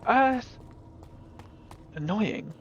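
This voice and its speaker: A young British man casually commenting while he plays a game, chatty and excitable, often laughing. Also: high voice, very slow, lo-fi sound, slight background noise. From Britain. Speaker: streamer.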